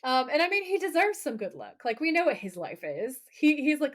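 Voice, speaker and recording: Animated woman recapping with playful quotes. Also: high-pitched, fairly quick. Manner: animated, laughing, quoting characters in playful voices. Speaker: podcast co-host recapping episodes. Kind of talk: casual chat.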